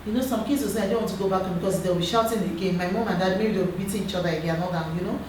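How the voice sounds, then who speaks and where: A woman in her thirties with a Nigerian accent, chatting earnestly as a guest and giving advice in a lively, storytelling way. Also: medium pitch, racing. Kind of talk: casual chat. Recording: roomy echo, far from the mic, background noise.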